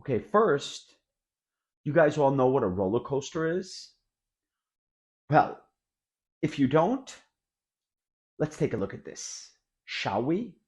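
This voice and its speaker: A man teaching English expressions, explaining each word in an energetic classroom manner and acting out the example sentences. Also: medium pitch, takes it slowly, long pauses, a little hiss or hum. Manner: animated, acts out example sentences.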